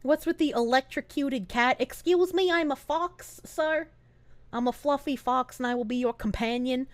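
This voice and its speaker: A woman's voice: sits high, normal speed. A woman streamer chatting casually with her viewers, playful and crude, with lots of swearing. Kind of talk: casual live-stream chat.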